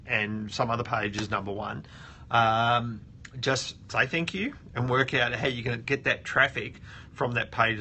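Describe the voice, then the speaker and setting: A man's voice: medium pitch, bright, forceful tone, a little hiss or hum. A man hosting a casual screen-share tutorial, thinking aloud and often restarting his sentences. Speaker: host of a web audit show.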